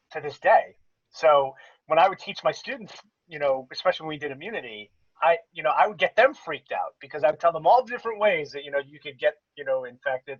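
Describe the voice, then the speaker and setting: Podcast co-host, male, fairly high voice, dry close sound, talks in long restarting explanations. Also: no echo, highs cut off. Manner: explains at length with many restarts. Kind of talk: casual podcast chat.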